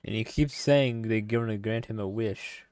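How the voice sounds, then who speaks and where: A young man hosting a gaming livestream, chatting in a relaxed, unhurried way over a headset. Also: lowish voice, no echo, studio quality. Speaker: streamer host. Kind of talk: casual gaming chat.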